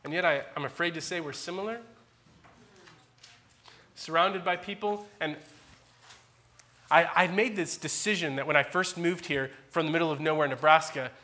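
High, bright-voiced male pastor preaching. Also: moderate pace, long pauses. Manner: animated, dramatic emphasis with loud peaks and quiet asides. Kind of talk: sermon. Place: church.

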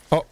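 A young man streaming a survival game, commenting live, excitable, yelping and talking to the creatures on screen. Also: slight background noise. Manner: excitable, yelps and talks to the game. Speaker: gaming streamer.

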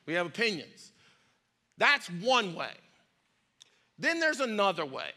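A man's voice: sits high, big pitch swings, measured pace, sharp tone. A male pastor preaching a folksy, conversational sermon with a lot of repetition and storytelling.

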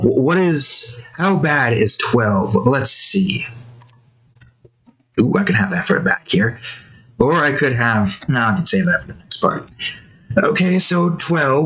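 Slow, bright-voiced young man rambling a story. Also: rough recording. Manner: rambling, animated storyteller with filler and sudden high pitch jumps. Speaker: artist narrating a dice-driven story. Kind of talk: casual narration while drawing.

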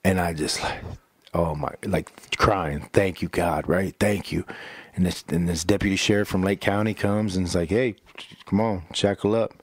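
Deep-voiced pastor telling his story. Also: moderate pace, no room sound. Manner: animated storyteller who acts out quotes, repeats words, says "bro" and "right?". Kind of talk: casual storytelling interview.

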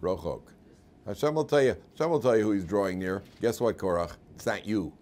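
A man teaching a lively Torah class as a rabbi, telling stories animatedly and laughing often in front of his students. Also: on the low side, fairly quick. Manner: animated, acts out quotes in put-on voices, laughs often.

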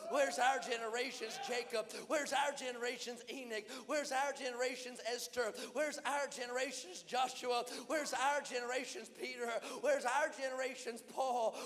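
Impassioned preacher in a reverberant church. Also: male voice, very high voice. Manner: impassioned, rhythmic repeated questions, swinging from loud shouting to hushed. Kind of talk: revival sermon. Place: church sanctuary. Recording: long church hall reverb.

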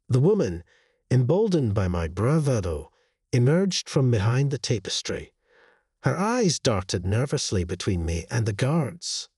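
Male horror storyteller, very husky and breathy, slow and deliberate, dry close recording. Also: medium pitch, sing-song, a little mellow, no echo. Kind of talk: dramatic horror narration.

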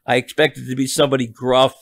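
Older guy telling an old story on a podcast, gravelly, lots of stops and restarts, dry close sound. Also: medium pitch, little pitch movement, no room sound. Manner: halting, many restarts and repeated words. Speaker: interview guest, journalist.

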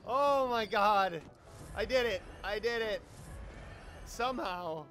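A man giving excitable, joking let's play commentary, often yelling and swearing at enemies. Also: high-pitched, slow pace. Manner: joking, sarcastic asides. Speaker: YouTube gamer.

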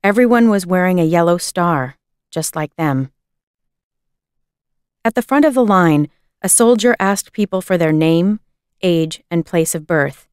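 A woman reading a children's book aloud in a measured, expressive storytelling manner. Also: on the low side, smooth, no echo, clean studio sound. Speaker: reader.

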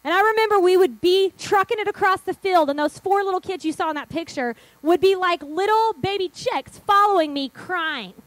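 A woman's voice: very high-pitched, fairly quick, hardly any pauses, no room sound, rough recording. A middle-aged woman pastor telling her church's story in a sermon, acting out what people said. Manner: animated storytelling, acting out quotes.

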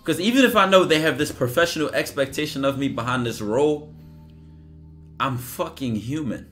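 A man's voice: mid-range voice, moderate pace, fairly bright tone, faint music behind. A man talking casually and emphatically on a livestream, acting out bits of dialogue as he goes. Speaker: streamer. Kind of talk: livestream monologue.

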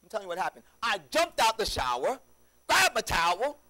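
A man preaching a sermon in a church, his voice pitched high and keen with a bright, forceful edge. He tells his story animatedly and keeps checking in with the congregation through rhetorical questions. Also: huge pitch swings, a little fast, poor audio.

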